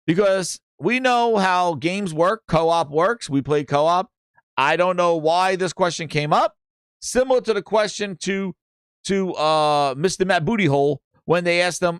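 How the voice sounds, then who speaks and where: A man's voice: high-pitched, animated, moderate pace, clean tone, dry recording, clean studio sound. A man hosting a gaming news show, rambling and mocking in casual chat, with many restarts. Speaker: gaming podcast host.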